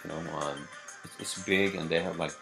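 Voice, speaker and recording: A man's voice: low voice, fairly even intonation, moderate pace, creaky, music in the background. A man hosting a solo podcast, rambling off-script with lots of cursing, fillers and restarts. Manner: profane, meandering, lots of fillers. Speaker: podcast host.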